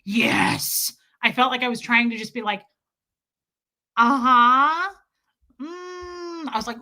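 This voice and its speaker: A young woman livestreaming, telling a story in casual chat and acting out what people said, often breaking into laughter. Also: fairly high pitch. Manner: animated, acts out quotes with laughs.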